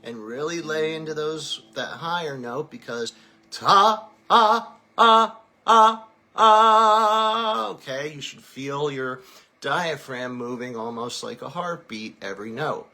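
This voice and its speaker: A man's voice: medium pitch, normal speed, fairly bright tone. A man teaching a singing lesson, explaining technique and then singing short vowel drills to demonstrate. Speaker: vocal coach.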